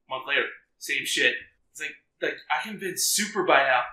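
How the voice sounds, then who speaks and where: A man in his twenties hosting a casual podcast chat, animated and swearing, acting out the people he quotes. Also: fairly high pitch, a little fast, reverberant, poor audio. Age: 20s. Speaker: podcast host.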